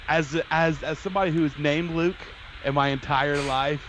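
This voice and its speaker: A man's voice: fairly high pitch, steady tone, normal speed, fairly bright tone, dull audio, a little hiss or hum. A man co-hosting a casual live stream, rambling and repeating words, with some swearing. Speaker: podcast co-host.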